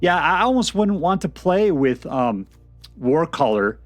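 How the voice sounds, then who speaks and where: A chatty man with a slightly high voice talks through a card game as he plays, thinking aloud and restarting his sentences. The recording is close and dry, with faint music running underneath. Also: very animated, unhurried, no echo. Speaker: game streamer. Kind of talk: casual gameplay commentary and deck review.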